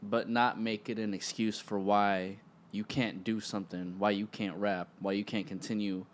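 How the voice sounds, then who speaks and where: A man hosting a casual interview show, speaking in a relaxed, slangy and supportive way with lots of affirming replies. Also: fairly low pitch, moderate pace, slight background noise. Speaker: podcast host.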